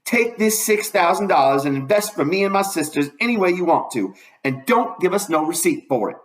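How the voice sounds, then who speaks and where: A man's voice: sits high, expressive, fairly quick, soft background music, pitched above the performer's own voice. A man voicing a resolute young woman who speaks firmly and proudly in a storybook reading.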